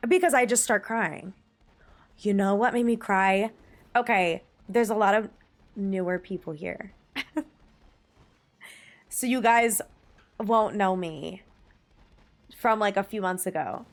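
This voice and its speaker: Mid-range and a little slow, this woman's voice pauses often. On her casual livestream she reads chat aloud to viewers, gushes with emphasis, and lets the odd swear slip.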